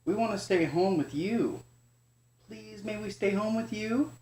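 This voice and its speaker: A man voicing an anxious young male raccoon cub in a bedtime storybook, his pitch nudged up into a pleading, childlike tone. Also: a little slow, a little mellow, a little hiss or hum. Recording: echoey room.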